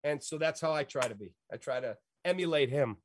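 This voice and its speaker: A man's voice: fairly high pitch, expressive, fairly quick, slight background noise. A middle-aged man, a sports radio host, telling stories in an emphatic, rambling, folksy way. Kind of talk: animated storytelling in an interview.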